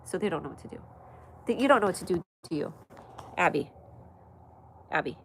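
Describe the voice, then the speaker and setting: An American woman with a stuffy nose, chatting fast and casually while hosting her live comedy stream from home. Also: on the low side, animated, slight background noise, poor audio. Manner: fast, chatty, talks to pets and viewers.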